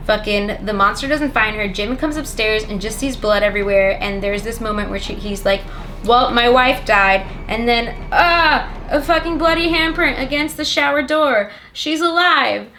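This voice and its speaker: Woman, young adult, high-ish voice, sarcastic, swears constantly, rambling comedic recap. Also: normal speed, hardly any pauses, bright, forceful tone, slight background noise. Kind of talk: profane comedic plot summary.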